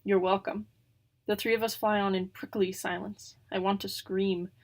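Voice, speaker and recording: A woman's voice: mid-range voice, little pitch movement, moderate pace. Woman reading a novel aloud, wry asides. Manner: casual, wry asides between passages. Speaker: reader of a children's novel.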